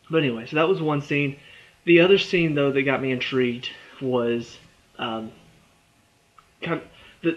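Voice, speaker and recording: A man's voice: medium pitch, a bit bright. Chatty young man, tired, on a dull lo-fi recording. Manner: rambling and chatty, with frequent fillers, restarts and little laughs. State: a bit tired. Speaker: movie trailer reviewer. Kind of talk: casual spoken review.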